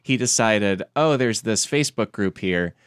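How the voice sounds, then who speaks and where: Laid-back man with a smooth low voice. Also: expressive, normal speed, dry recording, clean studio sound. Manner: laid-back, chuckles often, reads quotes aloud. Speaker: podcast host. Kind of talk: casual comedic chat.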